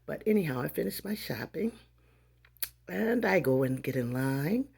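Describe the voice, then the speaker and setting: A woman in her fifties telling a story in a casual vlog, animated and acting out the dialogue of the people in it. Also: deep voice, moderate pace, gravelly, slightly rough. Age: 50s. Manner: animated, acts out dialogue in voices. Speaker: vlogger.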